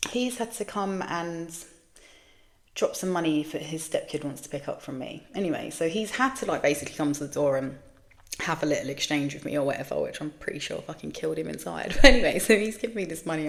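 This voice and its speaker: A woman's voice: deep voice, a little fast, creaky. A British woman in her thirties hosting a podcast, talking candidly in a frank, sweary, rambling monologue. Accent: British English. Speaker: podcast host.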